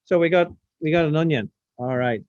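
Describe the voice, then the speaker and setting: A man's voice: fairly high pitch, fairly quick, a little mellow, no echo. Man teaching an online science class. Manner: casual, talks while demonstrating, asks the class questions. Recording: dull lo-fi sound, dry.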